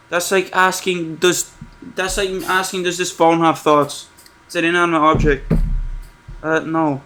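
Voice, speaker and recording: Young guy streaming a horror game, sarcastic and jokey, kinda high voice. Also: bright, forceful tone. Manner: joking, sarcastic, reads questions aloud slowly. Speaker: gaming streamer. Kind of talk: casual horror game commentary.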